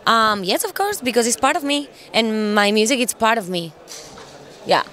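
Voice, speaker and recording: Woman guest, English, pitched a touch high, hunts for words, playful. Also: sing-song, moderate pace, fairly bright tone. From Cuba. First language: Spanish. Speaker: singer, interview guest. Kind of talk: casual interview chat.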